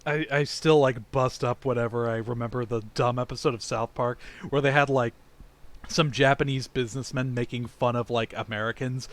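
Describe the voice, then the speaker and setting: A man chatting casually with friends after a tabletop game, animated and laughing often as he quotes himself. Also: mid-range voice, normal speed, no echo. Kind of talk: casual chat.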